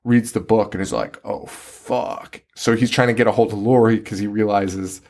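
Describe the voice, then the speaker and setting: Talking fairly quickly in a lowish voice, this podcast co-host tears into a movie during a laid-back recap. His manner is lively, foul-mouthed and full of ridicule.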